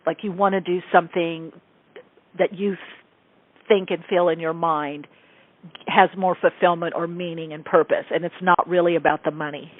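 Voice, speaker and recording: A woman radio host and psychic medium, telling a spiritual story in casual talk and acting out quoted dialogue with animated shifts. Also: on the low side, no echo. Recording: tinny phone-like radio broadcast, dry.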